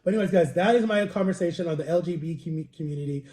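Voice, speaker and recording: A man's voice: fairly high pitch, racing, mellow. A man rambling through a personal story in a casual vlog, in a confiding way. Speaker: vlogger. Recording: roomy, echoey home recording.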